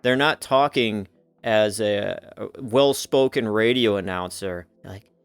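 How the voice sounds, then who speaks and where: A man's voice: fairly low pitch, a little slow, clean tone, no echo. A man hosting a casual commentary in a rambling, joking manner. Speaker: commentary host.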